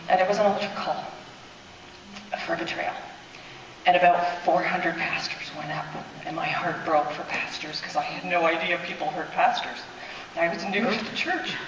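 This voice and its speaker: A woman's voice: medium pitch, a little hiss or hum. Woman sharing her faith story at church, heartfelt and breathless, distant in a big reverberant hall. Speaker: church testimony speaker. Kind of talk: personal testimony. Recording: echoey hall, speaker far from mic.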